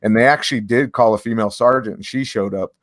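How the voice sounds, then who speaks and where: A man co-hosting a podcast, telling a personal story in a relaxed, rambling way. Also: fairly low pitch, quick pace, no echo, studio quality. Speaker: podcast co-host. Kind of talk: casual podcast discussion.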